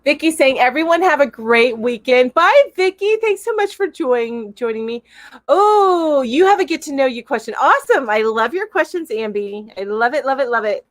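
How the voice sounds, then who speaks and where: Bubbly and giggly, a middle-aged live stream host reads viewer comments aloud and coos at her cat. Her voice sits high and is expressive, at a moderate pace, with no echo.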